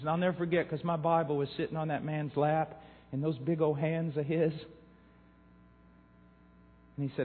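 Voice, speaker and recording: Brief: male preacher, fervent storytelling, higher voice, tinny recording in a reverberant hall. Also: little pitch movement, normal speed, pauses often. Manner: impassioned, swings from hushed to loud. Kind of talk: sermon storytelling.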